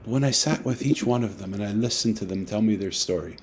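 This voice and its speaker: A man, an author, telling a personal story in a lively way and acting out the dialogue, over a video call. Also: fairly low pitch, fast, a little hiss or hum. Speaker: author guest. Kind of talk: storytelling talk.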